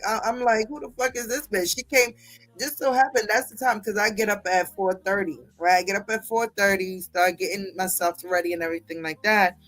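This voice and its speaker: Woman, casual gossip stream, bright forceful voice, faint music behind. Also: medium pitch. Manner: animated, profane, laughing often. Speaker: livestream host reading chat.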